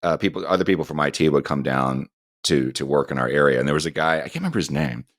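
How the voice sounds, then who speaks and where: A middle-aged man with an extremely deep voice talks casually on a podcast, drifting through a long anecdote. The sound is close and dry, with no room around it. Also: lively intonation, fast, fairly bright tone, no room sound. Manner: meandering anecdotal storytelling. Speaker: podcast co-host.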